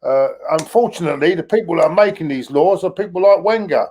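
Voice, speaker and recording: A man dials into a fan stream over a weak connection. He is sarcastic and sure of his views. His voice sits a touch high. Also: expressive, fast talker, a little mellow, a little hiss or hum. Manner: sarcastic, firm opinions. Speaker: guest pundit. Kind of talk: casual football fan chat. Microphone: video call over weak internet.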